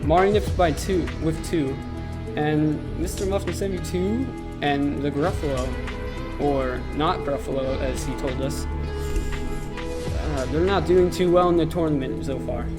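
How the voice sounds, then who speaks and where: A young man doing deadpan, joking play-by-play commentary for an amateur game tournament. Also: fairly high pitch, a little slow. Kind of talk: joking esports commentary over gameplay. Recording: game music under the voice.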